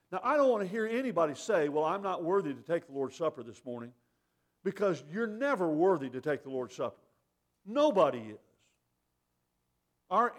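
High-voiced man giving a communion talk. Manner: earnest, plainspoken, repeats points for emphasis. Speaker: lay speaker at communion. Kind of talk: communion meditation.

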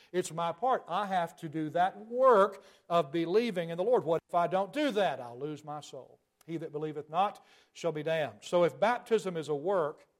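High-voiced preacher man arguing a point. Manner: argumentative, rhetorical questions, bursts of emphasis. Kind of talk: sermon.

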